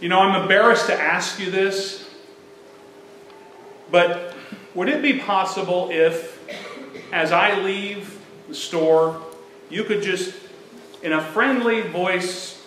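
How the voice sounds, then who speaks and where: A man voicing a tearful, wistful elderly mother with a soft, hushed, pleading way of speaking. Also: high-pitched, takes it slowly, pauses often, slight background noise. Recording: echoey church sanctuary.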